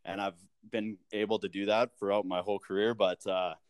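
A man's voice: on the low side, little pitch movement, brisk, clean tone, no room sound. A man talking as a podcast guest, telling easygoing anecdotes full of fillers like "uh" and "like". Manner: laid-back, filler-heavy anecdote telling. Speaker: guest, professional golfer. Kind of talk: casual chat.

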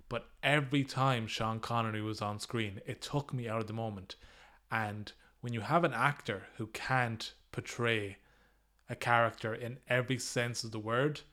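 A man's voice: medium pitch, sharp tone. A man hosting a solo podcast, giving his opinions in an easygoing, conversational way. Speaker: podcast host.

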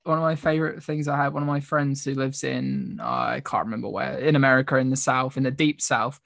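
A woman's voice: extremely low pitch, steady tone, brisk, gravelly. A young woman hosting a podcast, telling rambling, giggly stories in casual chat. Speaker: podcast host.

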